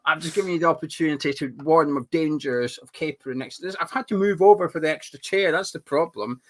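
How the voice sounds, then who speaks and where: A man hosting a casual live stream from home, animated, swearing freely and reading out viewer comments. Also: on the high side, fast talker. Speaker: host. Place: home room.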